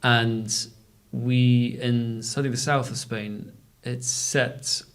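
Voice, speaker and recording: A man's voice: mid-range voice, steady tone, slow. Easygoing male podcast co-host. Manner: conversational, hesitant with fillers. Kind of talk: casual chat.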